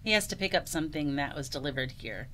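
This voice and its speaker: A middle-aged woman with a bright, lively voice whose pitch rises and falls a lot. She chats casually, jumping in with eager reactions and questions, over a faint hum of room noise. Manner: lively, reactive, quick to exclaim and ask questions. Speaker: book talk co-host. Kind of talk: casual chat.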